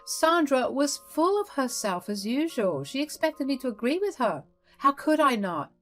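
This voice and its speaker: Animated woman narrating a family drama. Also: high voice, moderate pace, faint music behind. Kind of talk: first-person story narration.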